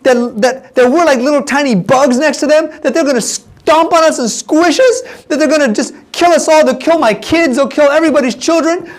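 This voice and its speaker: Scared, stammering adult spy voiced by a man, high and strained. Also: animated, normal speed. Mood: fearful. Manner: breathless, anxious, stammering. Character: frightened grown-up Israelite spy, panicky and whiny.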